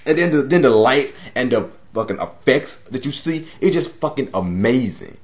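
A man's voice: mid-range voice, animated, moderate pace, background noise. A man giving a casual, rambling anime episode review, swearing and laughing often.

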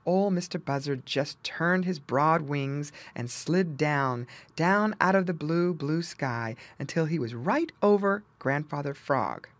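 A woman reading a children's storybook aloud as audiobook narrator, with lively storytelling. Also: low-pitched, takes it slowly, few pauses, no room sound. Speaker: audiobook reader.

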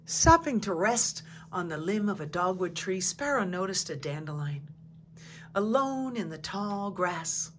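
Woman, children's story narrator, gentle, clear, bright tone, faint hum. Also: medium pitch, expressive, normal speed. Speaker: storybook reader. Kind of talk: children's story read-aloud.

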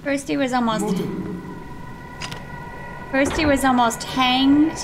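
A woman with a high, bright voice commentates her horror game playthrough, easily startled and quick to curse or squeal. Her running commentary sits over a steady noisy hiss. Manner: excitable, swears and shrieks when scared; reads game text aloud in Japanese. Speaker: gaming streamer. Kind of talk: let's play commentary.

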